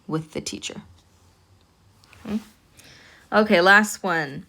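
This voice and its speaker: A woman's voice: on the low side, fairly even intonation. Woman teaching with patient repetition. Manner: patient, repeats words slowly and checks in with "okay?". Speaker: Arabic teacher. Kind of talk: recorded online lesson.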